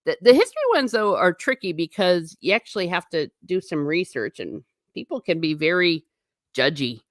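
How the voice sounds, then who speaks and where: A woman's voice: fairly low pitch, normal speed, dry recording, clean studio sound. Sarcastic woman hosting a casual livestream. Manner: animated and sarcastic, with blunt asides. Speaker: host. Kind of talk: casual livestream chat, reading viewer comments.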